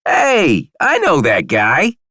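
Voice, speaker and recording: A man's voice: fairly high pitch, wildly swooping pitch, slow pace, pushed and bright, no echo, studio quality, pitched above the performer's own voice, exaggerated voice. A man voicing Buddy, a chirpy little robot sidekick.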